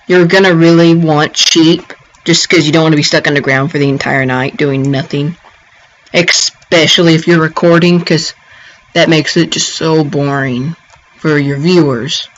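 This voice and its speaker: A man giving a casual gameplay tutorial, rambling and halting, with frequent ums and restarts. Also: fairly high pitch, steady tone, a bit bright. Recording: dull lo-fi home recording.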